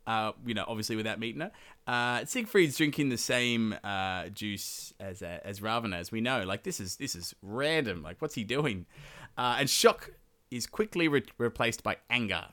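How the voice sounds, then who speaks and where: A man's voice: lowish voice, animated, normal speed, pushed and bright. A man hosting a podcast, retelling a medieval epic in a casual, profane, slangy way with laughing asides. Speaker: podcast host.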